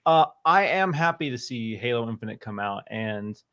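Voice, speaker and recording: A man's voice: medium pitch, lively intonation, normal speed, a bit bright, clear, resonant tone. Enthusiastic male guest on a gaming stream. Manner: enthusiastic, emphatic opinions. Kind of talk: casual livestream chat.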